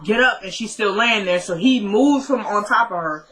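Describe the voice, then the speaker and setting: A young woman casually recapping a TV episode, telling it as an animated story and often laughing. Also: medium pitch, moderate pace, a crowd in the background, rough recording.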